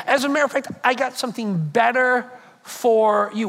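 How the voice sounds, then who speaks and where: A male pastor preaching a sermon to a congregation, animated and conversational, with frequent repetitions. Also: very high-pitched, moderate pace. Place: church hall before a congregation.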